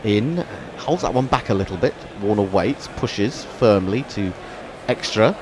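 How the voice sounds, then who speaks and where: A man calls a cricket match ball by ball in an animated, up-and-down voice and drops wry asides between deliveries. Faint traffic noise from outdoors sits behind him. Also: lowish voice, a little slow. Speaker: cricket commentator. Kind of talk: ball-by-ball radio commentary.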